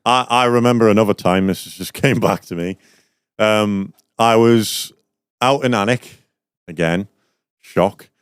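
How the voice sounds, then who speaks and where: A man's voice: fairly low pitch, measured pace, clear, resonant tone, no room sound, clean studio sound. A young man, a podcast guest, telling a rambling story in casual chat with lots of fillers.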